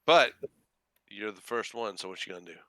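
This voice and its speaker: A man's voice: on the low side, brisk, smooth, no room sound. A man acting as dungeon master, casually running a tabletop game session online and making easygoing rulings. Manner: casual, relaxed rules rulings with small restarts.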